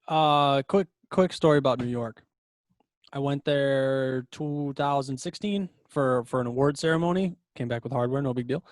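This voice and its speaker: A man's voice: medium pitch, moderate pace, no room sound, clean studio sound. A young man co-hosting a casual podcast, telling a story with lots of laughs. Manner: animated storyteller, laughs often. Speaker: podcast co-host. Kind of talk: casual chat.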